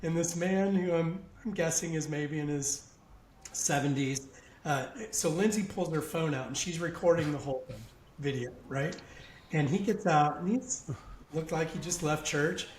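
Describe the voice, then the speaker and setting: A man guesting on a podcast, telling a long anecdote in a casual, animated way and laughing along as he goes. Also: on the high side, moderate pace, roomy sound, a little hiss or hum. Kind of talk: casual storytelling.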